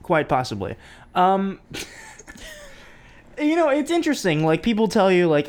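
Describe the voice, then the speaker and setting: A man's voice: high-pitched, wildly swooping pitch, slow pace. A man co-hosting a casual chat, dropping dry, wry quips.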